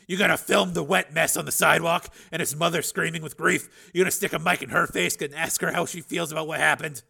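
A man reading an audiobook, voicing a blunt, irritable male cyborg police lieutenant with a gruff, forceful delivery. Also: fairly high pitch, steady tone, fast talker, voice pushed up, heavily acted.

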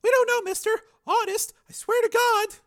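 A man reading a crime novel aloud, putting on a shrill falsetto for frightened, pleading young women. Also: steady tone, normal speed, fairly bright tone. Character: terrified young female prostitutes, pleading.

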